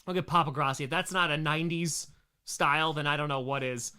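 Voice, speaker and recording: A man hosting a live stream, reacting to his own home videos with excitable, self-mocking jokes. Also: a little high, a little fast, clean tone. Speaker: streamer host.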